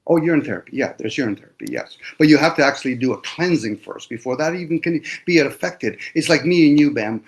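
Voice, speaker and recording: A man in a loose panel discussion who lectures with heavy profanity. He swings between quiet asides and loud, pressing bursts. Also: fairly high pitch, animated, fast, hardly any pauses.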